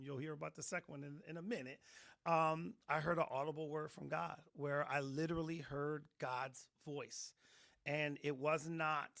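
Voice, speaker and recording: A middle-aged man, a pastor, telling his personal testimony in an interview with animated storytelling, acting out the voices of people in his story. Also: fairly high pitch, creaky. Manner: animated storytelling, acts out quotes.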